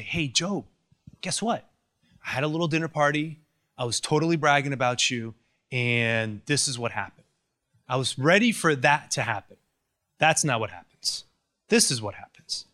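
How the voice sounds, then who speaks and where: A man giving a conversational, sarcastic lecture, telling stories with lots of energy. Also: on the high side. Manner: conversational, sarcastic, animated storytelling. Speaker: Catholic lecturer. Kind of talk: recorded lecture.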